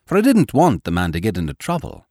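A man's voice: on the low side, huge pitch swings, quick pace, dark tone, no echo, studio quality. A man reading a storybook as a wry, easygoing male dog narrating his own tale. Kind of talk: audiobook narration.

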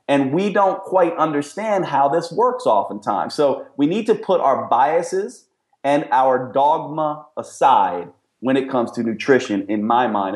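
A man's voice: mid-range voice, a little mellow, reverberant. A middle-aged man, a nutrition expert and podcast guest, explaining his views in an emphatic, explanatory way. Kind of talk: podcast interview.

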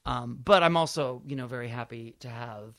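A man's voice: mid-range voice, moderate pace, vocal fry, fairly bright tone. A man co-hosting a podcast, joking sarcastically and crudely in casual chat. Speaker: podcast co-host.

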